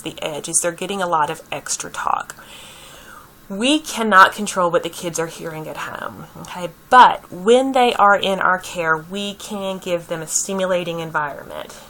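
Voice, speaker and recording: A woman's voice: on the low side, pushed and bright, rough recording. A woman giving a conversational lecture on early childhood, repeating key points and checking in with her listeners.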